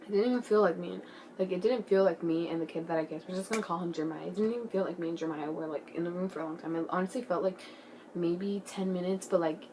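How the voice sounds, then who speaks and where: A teenage girl telling a story in a casual vlog, excitable and giggly, full of "like" and "bro", sometimes dropping to a hushed whisper. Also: fairly low pitch, fast, a little hiss or hum. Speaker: vlogger.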